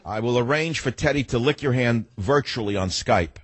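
A man's voice: medium pitch, moderate pace, breathy edge, no room sound. An older man in his sixties hosting a talk radio show, delivering a combative, ranting monologue that turns reflective at times. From United States.

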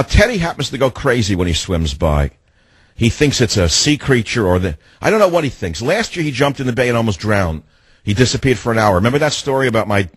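A man's voice: mid-range voice, breathy edge, dry recording. A man hosting a talk radio show, telling stories with energy, ranting and acting out what people said. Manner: animated storytelling, ranting, acts out quotes. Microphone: studio microphone.

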